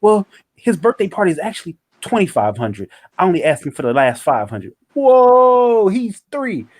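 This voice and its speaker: A man telling a story in casual chat, animated and profane, acting out other people's lines. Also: fairly high pitch, a little fast, breathy edge, dry recording. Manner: animated, profane, acts out quotes.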